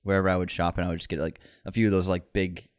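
A sleepy man with a lowish voice co-hosting a casual podcast chat. He is laid-back and mostly drops in short agreements. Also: flat delivery, racing, clean tone. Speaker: podcast co-host.

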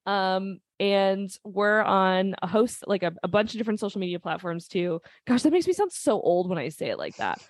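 A woman's voice: mid-range voice, very animated, brisk, few pauses, no room sound. A woman from Minnesota with a Minnesota accent, a podcast guest who laughs a lot and hesitates with many ums. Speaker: magazine guest. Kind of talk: casual chat.

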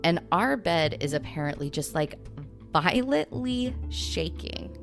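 Low-voiced woman telling a story. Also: lively intonation, a little slow, soft background music. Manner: rambling, full of "you know" and "like" asides. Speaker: podcast host. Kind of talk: casual storytelling chat.

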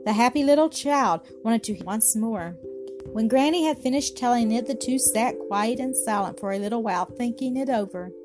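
A woman's voice: a little high, animated, normal speed. Woman narrating a children's story. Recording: music playing behind.

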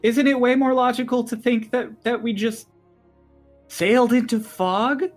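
A man's voice: very high voice, steady tone, a little slow, soft background music, voice pushed up. A man voicing a flustered young male elf first mate who stammers and gets defensive. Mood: alarmed.

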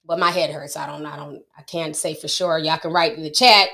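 A woman's voice: low-pitched, steady tone, fairly quick, creaky, sharp tone. A middle-aged woman hosting a casual livestream, chatting with her viewers and laughing often. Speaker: livestream host.

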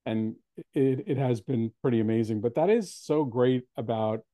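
A man hosting an interview, telling stories with many halting restarts. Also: medium pitch, dry recording. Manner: warm storytelling, halting restarts. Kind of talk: casual interview chat.

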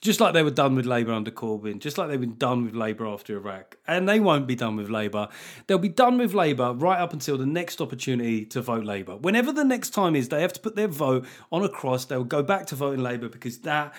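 Male comedian host, mid-pitched, sardonic and sweary. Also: very animated, quick pace. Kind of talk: comedic monologue.

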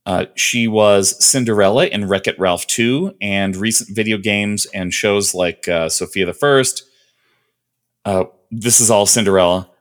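A male podcast co-host with a lowish voice chats casually at a measured pace. He rambles through a list of trivia, peppering it with plenty of ums and uhs.

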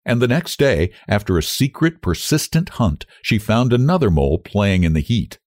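Man reading a novel, lowish voice, really lively ups and downs. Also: moderate pace, no echo, clean studio sound. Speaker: audiobook narrator. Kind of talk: scripted narration of a novel.

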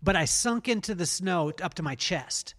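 Higher-voiced man hosting a podcast. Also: animated, normal speed, a bit bright. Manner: self-deprecating, rambling with restarts. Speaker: podcast host. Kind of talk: casual storytelling interview.

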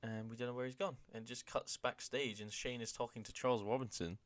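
A man's voice: mid-range voice, steady tone, quick pace, no room sound. A young man co-hosting a podcast, casually recapping an old wrestling show, swearing freely and acting out the lines he quotes. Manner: laid-back, swears freely, acts out quoted lines for laughs. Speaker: podcast co-host.

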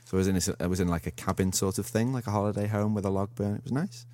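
A man with a very low, deep voice chats casually on a radio show. He rambles and stumbles over his words, restarting his sentences often. He speaks into a studio microphone. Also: steady tone, mellow. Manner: rambling, halting, with many restarts and laughs. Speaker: co-host.

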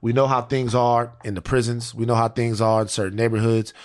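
A man's voice: mid-range voice, flat delivery, fairly quick. A man co-hosting a podcast, talking earnestly and thinking aloud in casual chat. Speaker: podcast co-host.

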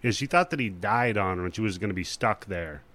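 A man's voice: lowish voice, lively intonation, fairly quick, fairly bright tone. A man in a casual chat, retelling film scenes with swearing and laughter. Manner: storytelling, swears, laughs at the jokes.

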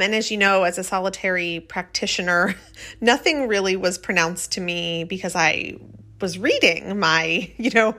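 A woman's voice: mid-range voice, pushed and bright. Chatty, rambling woman podcast host. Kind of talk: casual podcast monologue.

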